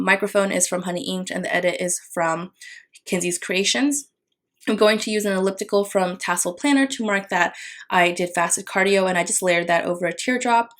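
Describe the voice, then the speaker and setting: A young adult woman casually narrating a plan-with-me voiceover, chatty with frequent fillers and little apologies. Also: fairly low pitch. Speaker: planner vlogger.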